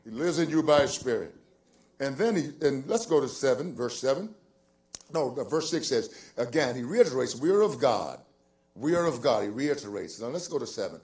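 An older male pastor preaching a sermon, moving from soft, musing asides to loud, drawn-out emphasis, repeating phrases and chuckling as he goes. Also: medium pitch, big pitch swings. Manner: swings from quiet musing to loud, stretched-out emphasis.

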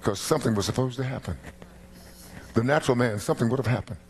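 A middle-aged man preaching a sermon as pastor, animated and emphatic, with rising peaks. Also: medium pitch, fast talker.

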